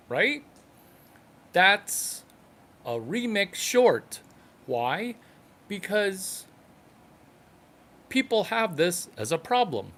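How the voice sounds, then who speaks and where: A man doing a stand-up comedy monologue, delivered in halting phrases and short numbered points. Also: high voice, sing-song, fairly bright tone.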